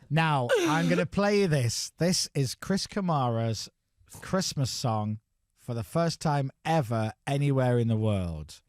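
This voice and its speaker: A man's voice: mid-range voice, unhurried, no echo, studio quality. A man hosting breakfast radio chat, telling stories and acting out the voices he quotes. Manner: animated storyteller, acts out quoted voices. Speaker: radio host. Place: radio studio. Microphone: studio mic.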